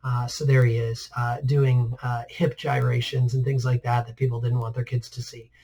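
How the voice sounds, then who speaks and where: A man teaching a recorded history lesson in a relaxed, conversational way, filling pauses with frequent "uh"s. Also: mid-range voice, creaky. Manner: relaxed, many "uh" fillers, conversational asides. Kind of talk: recorded class lecture over slides.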